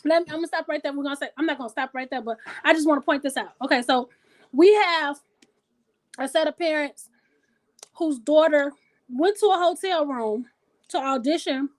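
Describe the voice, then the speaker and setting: A woman hosting a casual talk show, blunt and profane, animated and thinking out loud. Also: sits high. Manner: animated, blunt and profane, pausing to reason aloud. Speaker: host.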